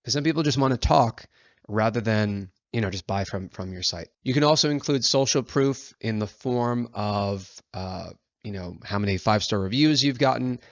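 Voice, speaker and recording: A man's voice: fairly low pitch, moderate pace, no echo, lo-fi sound. A man teaching copywriting in a casual, chatty way, full of fillers and acted-out example lines. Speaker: agency founder teaching copywriting. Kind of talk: casual instructional talk.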